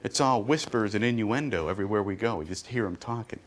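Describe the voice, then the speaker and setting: A man's voice: on the low side, fast talker, noisy background. A middle-aged man performing a stand-up comedy routine, telling stories with punchy asides. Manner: animated storytelling with punchy asides.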